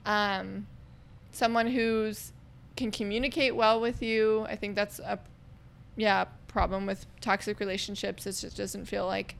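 A young woman co-hosting a podcast, talking through her thoughts in a relaxed, reflective way. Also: mid-range voice, a little slow, vocal fry. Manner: reflective, lays out points with ums. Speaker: podcast co-host. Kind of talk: casual chat.

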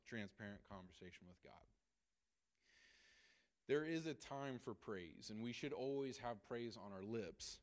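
Energetic man teaching Bible study. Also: medium pitch. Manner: energetic, laughs often, acts out quotes. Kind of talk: church Bible study lesson.

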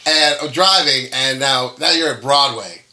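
Casual male guest from Florida; bright, cutting tone, profane storyteller. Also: medium pitch, moderate pace. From Florida, USA. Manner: profane, loud when telling a story. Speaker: podcast guest. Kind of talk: casual chat.

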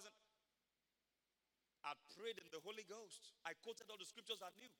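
A man pastor preaching a sermon at a church service, telling stories emphatically with sudden loud bursts. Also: high-pitched, moderate pace, long pauses, big-room sound.

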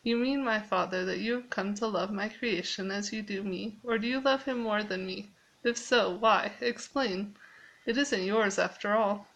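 A woman reading aloud as the first man, young and awestruck, asking excited questions. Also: medium pitch, moderate pace, creaky, lo-fi sound. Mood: eager.

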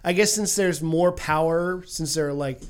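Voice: medium pitch, a little slow, smooth. A podcast co-host in a casual group chat, retelling a movie plot in run-on bursts and laughing often.

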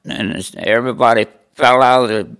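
A man's voice: mid-range voice, fairly even intonation, brisk, a bit bright, clean tone. A man in his nineties from Indiana, bluntly telling stories from his life in an interview, sometimes salty. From Indiana, USA. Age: 90s. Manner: blunt, salty storytelling with repeated "I said". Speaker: veteran interviewee.

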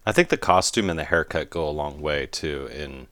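A man's voice: very deep voice, moderate pace, fairly bright tone, no echo. A man co-hosting a podcast, chatting casually about a film in a laid-back way. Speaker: podcast co-host.

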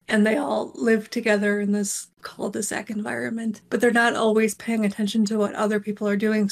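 Gravelly-voiced woman author chatting. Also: mid-range voice, darkish tone. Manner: conversational, loosely explains her book series. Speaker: author guest. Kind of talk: casual chat.

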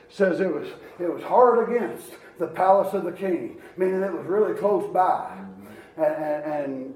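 A man preaching a sermon, moving between quiet storytelling and shouted exhortation. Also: a little high, far from the mic. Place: church. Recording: echoey church hall.

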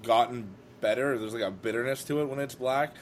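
A man's voice: mid-range voice, fairly even intonation, fairly quick, a little hiss or hum. A man in his thirties chatting casually on a podcast, swearing freely and laughing easily. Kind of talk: casual chat.

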